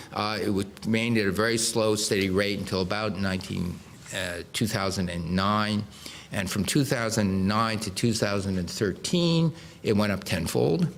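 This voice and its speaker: Slight background noise accompanies a low male voice belonging to a guest lecturer in his sixties. Speaking from a podium to a live audience in a lecture hall, he explains with dry humor and restarts frequently.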